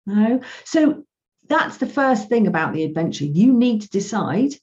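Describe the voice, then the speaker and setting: Animated woman telling stories. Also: mid-range voice, unhurried. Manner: animated storytelling, acting out both sides of conversations. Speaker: financial coach. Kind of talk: podcast interview. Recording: dull lo-fi sound.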